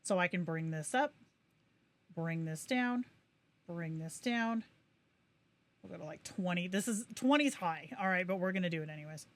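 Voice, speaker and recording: A woman's voice: lowish voice, expressive, normal speed, pauses often. A woman hosting a livestream, giving a casual tutorial and chatting as she clicks through settings. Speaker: livestream host.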